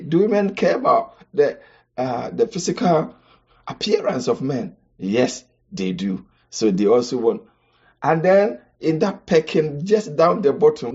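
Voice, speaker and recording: A man from Ghana, teaching about marriage on a podcast, emphatic, with rhetorical questions and sudden high-pitched exclamations. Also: a little mellow, breathy edge, dull audio.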